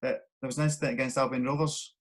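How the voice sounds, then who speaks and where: A man's voice: medium pitch, steady tone, racing. A Scottish man in his thirties hosts a casual interview, mostly adding brief agreeing words. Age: 30s. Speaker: interview host.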